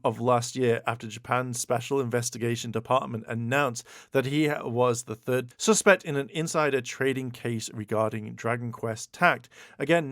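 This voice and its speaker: A man hosting a casual video, commenting on gaming news in an animated, exclaiming way with stammered repeats. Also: medium pitch, no echo, studio quality. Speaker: YouTube host.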